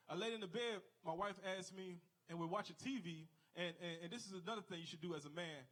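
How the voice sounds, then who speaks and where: A man's voice: high-pitched, quick pace, hardly any pauses, fairly bright tone. A man doing a stand-up comedy set on a club stage, telling stories and acting out the people in them with exaggerated voices. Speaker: stand-up comic.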